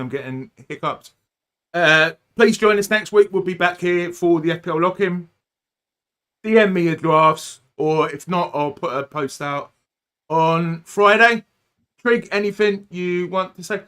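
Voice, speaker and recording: Bright-toned man hosting a chat. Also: high-pitched, normal speed, clean tone. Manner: chatty, laughing, teasing. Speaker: podcast host. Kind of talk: casual podcast chat.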